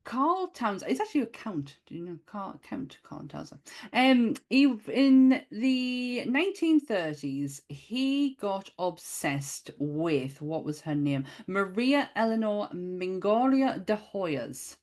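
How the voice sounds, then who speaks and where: A woman's voice: mid-range voice, very animated, slow pace. A woman co-hosting a casual film podcast, chatty, laughing often and swearing freely. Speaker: podcast co-host.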